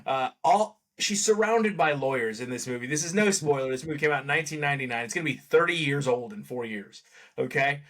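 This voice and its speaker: A man's voice: mid-range voice, animated, a little fast, a bit bright. A man co-hosting a podcast, chatting casually about a movie with a wry, sarcastic edge and frequent laughter. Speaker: podcast co-host. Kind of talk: casual movie review chat.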